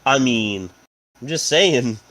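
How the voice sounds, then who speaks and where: A man's voice: medium pitch, animated, takes it slowly, a bit bright. A young man cohosting a casual sports podcast, joking and rambling with lots of fillers. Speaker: podcast co-host.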